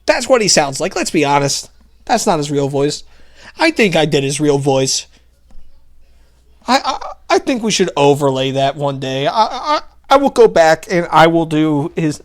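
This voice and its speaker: A man's voice: on the high side, sing-song, unhurried. A male commentary host ranting in a sarcastic, heated, mocking way.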